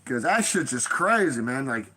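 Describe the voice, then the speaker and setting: A woman telling a story in a casual vlog, swearing freely and jumping high in pitch for quoted voices. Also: normal speed, breathy edge. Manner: profane, animated, swings pitch for quoted voices.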